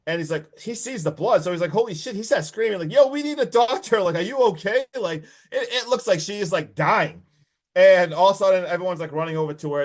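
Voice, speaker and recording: Man, somewhat high voice, lively podcast recap with lots of swearing. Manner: animated, swearing, acts out character lines. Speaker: podcast co-host. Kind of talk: casual movie recap.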